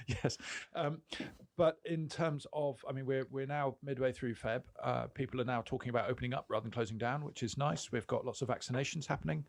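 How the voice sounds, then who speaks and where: A man from England hosting a casual podcast chat, easygoing and rambling, with frequent ums and quick laughs. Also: medium pitch, vocal fry, no echo, clean studio sound. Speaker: podcast host.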